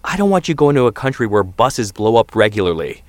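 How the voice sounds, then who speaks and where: A man's voice: on the low side, sing-song, brisk, no echo. A man voicing a worried, skeptical father who argues with his son and turns sarcastic. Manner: sarcastic, insistent.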